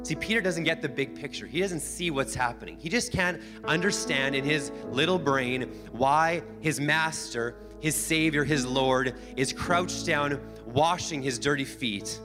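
Guy pastor preaching, kinda high voice, punchy repeats, band music going behind him. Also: measured pace, hardly any pauses. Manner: emphatic, repetitive preaching. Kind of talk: sermon. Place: church sanctuary. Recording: long hall reverb with band music.

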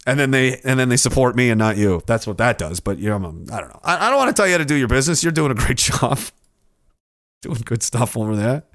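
A man hosting a casual livestream who rambles through viewer comments, cynical and quick to swear. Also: mid-range voice, animated, a bit bright, no room sound, studio quality. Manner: rambling, profane and cynical, with frequent restarts.

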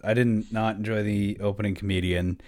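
A man co-hosting a casual podcast, telling a story in an animated way and swearing freely. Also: fairly low pitch, fairly quick. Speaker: podcast co-host. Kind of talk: casual chat.

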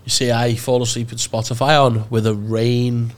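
A man's voice: medium pitch, little pitch movement, moderate pace. A man co-hosting a comedy podcast, asking questions in an upbeat, casual way with some swearing. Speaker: podcast co-host.

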